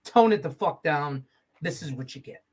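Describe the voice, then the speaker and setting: A man's voice: on the high side, animated, normal speed, slightly rough. A man hosting a casual sports betting show, running through picks with loose, joking chatter and casual swearing.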